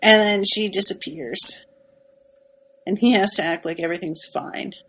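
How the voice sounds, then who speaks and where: A woman's voice: mid-range voice, normal speed, fairly bright tone, low-quality recording. A woman co-hosting a podcast, casually recapping a TV episode in an emphatic, sympathetic way with lots of fillers. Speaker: podcast co-host.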